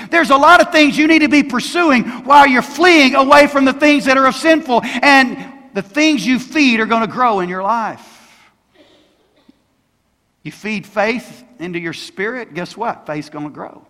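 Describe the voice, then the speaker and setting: An older man in his sixties delivers a sermon from the pulpit, his voice pitched very high and bright with a forceful edge. He speaks emphatically, tossing questions out to the congregation. The sound carries a long church reverb. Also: moderate pace. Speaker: pastor. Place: church sanctuary.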